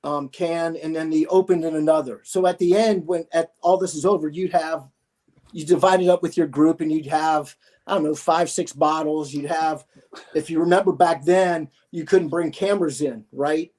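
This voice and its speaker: A man with a high-pitched voice spins loose, animated stories as a podcast host. He rambles through anecdotes with plenty of asides, keeping it casual and chatty. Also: moderate pace. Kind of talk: casual storytelling.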